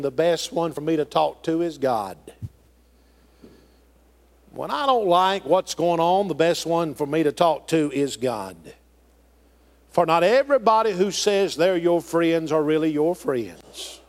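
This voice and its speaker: A middle-aged pastor from the delivers a sermon with a voice that swoops between high and low. His pitch sits somewhat high for a man, and his phrasing is folksy and emphatic. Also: expressive, measured pace. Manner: preaching with rising and falling emphasis, folksy phrasing.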